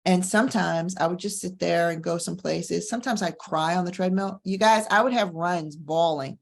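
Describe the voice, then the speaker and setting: A middle-aged woman who hosts a show as a divorce coach, talking in a candid, energetic casual way and repeating phrases for emphasis. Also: on the low side, normal speed, vocal fry. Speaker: divorce coach and podcast host. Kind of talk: casual motivational talk.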